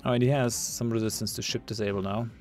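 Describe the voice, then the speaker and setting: A man's voice: medium pitch, steady tone, fast talker, darkish tone, soft background music. A man giving casual commentary while he plays a game, thinking aloud, muttering and laughing at his own jokes. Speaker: gamer playing a ship combat game.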